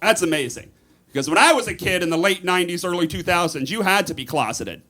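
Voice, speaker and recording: A man in his thirties doing a stand-up comedy set on a club stage, campy and animated, with sudden high squeals on punchlines. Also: fast. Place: comedy club stage before a live audience. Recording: live club recording, loud laughter. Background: loud audience laughter.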